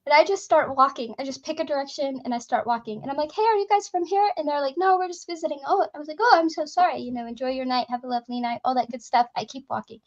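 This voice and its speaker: A woman chatting casually, telling lively anecdotes full of fillers and acting out the people she talked to. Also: high voice, fast talker, hardly any pauses, dull audio. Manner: lively anecdotes, frequent fillers, acts out both sides of dialogue. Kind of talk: casual storytelling chat.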